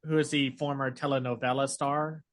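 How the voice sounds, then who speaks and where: A man co-hosting a podcast in casual chat, talking in an animated way with many fillers. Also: mid-range voice, normal speed. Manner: chatty, animated, lots of fillers. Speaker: podcast co-host.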